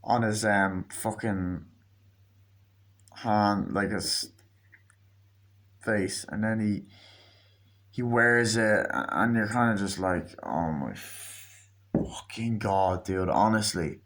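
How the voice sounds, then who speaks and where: A man giving a casual spoken movie review, rambling and swearing, acting out scenes with quick mimicked lines. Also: lowish voice, steady tone, a bit bright.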